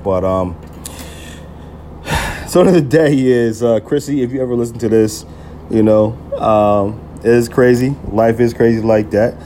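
Casting podcast host, man, mid pitch, casual profane storyteller, heavy slang, faint room hum behind him. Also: a little slow, warm tone. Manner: loose and profane, heavy slang, many "you feel me" fillers.

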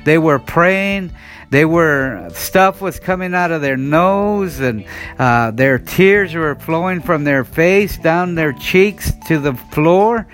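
Earnest, high-voiced preacher telling a testimony. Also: male voice, slow pace, a bit bright. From United States. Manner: earnest storytelling, many "and, uh" restarts. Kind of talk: sermon with personal testimony. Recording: faint guitar music behind.

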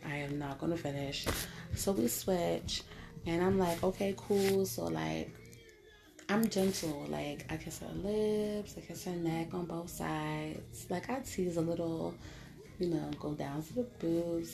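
Woman with a creaky, low-pitched voice. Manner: candid, blunt, heavy use of filler "like". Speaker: storyteller addressing viewers. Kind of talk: casual storytime monologue.

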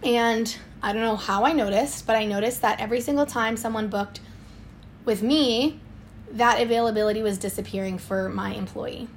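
A young woman, telling a lively story in a casual podcast chat. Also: fairly high pitch, a little hiss or hum. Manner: animated storytelling, quick swings in loudness. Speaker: swim school owner, guest.

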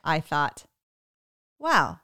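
A woman with a fairly low, smooth voice tells a family story in an animated, chatty way. She quotes her kids in passing and laughs along the way. The sound is dry and close. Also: extremely slow, no echo. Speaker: parent telling a story. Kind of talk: casual chat.

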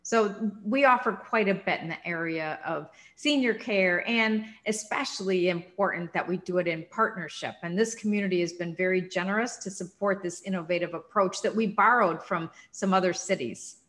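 A woman's voice: fairly low pitch, normal speed, few pauses. Upbeat Minnesotan woman. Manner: energetic, smiling, upbeat. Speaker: nonprofit CEO, podcast guest. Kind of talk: conversational interview.

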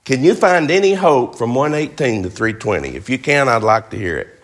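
A man preaching with emphasis, his voice sitting at a middle pitch. He keeps asking his listeners rhetorical questions, pressing each point home. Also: animated, normal speed. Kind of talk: sermon.

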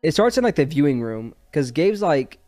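Casting: young male podcast host, rambling and filler-heavy, slightly higher voice. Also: very animated, moderate pace, dark tone. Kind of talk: casual chat.

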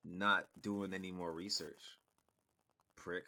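Bright-voiced, profane, animated man. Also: low-pitched, slow pace, no echo. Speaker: podcast co-host. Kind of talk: casual chat.

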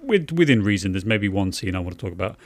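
A man's voice: on the low side, sing-song, quick pace, no echo. A man co-hosting a casual movie podcast, joking and teasing his co-host and laughing often. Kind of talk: casual chat.

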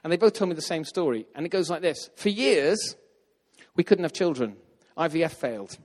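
A man telling a story in a sermon, lively and acting out the voices of the people in it. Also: a little high, fairly quick. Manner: animated, acts out quoted voices. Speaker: preacher. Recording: long hall reverb.

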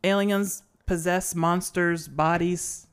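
Woman, podcast co-host, casual chat, rambling, lower pitch. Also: steady tone, slow, smooth. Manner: rambling, with many fillers and restarts. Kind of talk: casual chat about a film.

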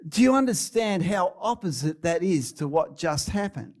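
Australian man, preacher, sermon, higher voice, chatty asides. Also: expressive, moderate pace, a little mellow. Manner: chatty, laughing asides, dramatic storytelling.

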